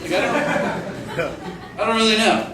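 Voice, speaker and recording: A young man performing a stand-up comedy set, with a halting, self-deprecating delivery full of "like"s. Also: sits high, steady tone, crowd noise. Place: comedy theater stage. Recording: echoey distant room recording with noise.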